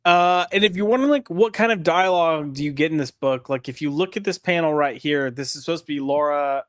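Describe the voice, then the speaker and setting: A man's voice: fairly high pitch, a little fast, fairly bright tone, no echo, clean studio sound. Sarcastic man co-hosting a comics chat. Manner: sarcastic, mocking reading. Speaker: comic review co-host. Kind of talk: casual chat.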